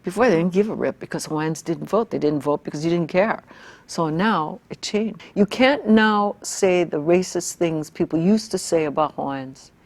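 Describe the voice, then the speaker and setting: A woman's voice: deep voice, a little mellow. An older woman in an interview, talking bluntly and emphatically, building to fiery outbursts. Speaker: interviewee, activist and scholar. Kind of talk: reflective interview talk.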